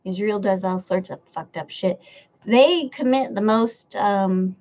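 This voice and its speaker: An American woman live-streams from a room at home near a window, chatting casually as she reads her chat aloud, swearing and laughing often. Her mid-range voice is a little slow with a darkish tone, and the audio sounds dull.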